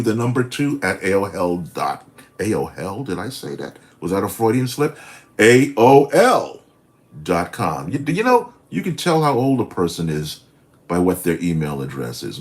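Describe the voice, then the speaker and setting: A deep-voiced man in his sixties talks to his livestream from home. He rambles in a friendly, animated way and corrects himself as he goes. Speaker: caricature artist hosting a livestream. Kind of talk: casual live stream chat.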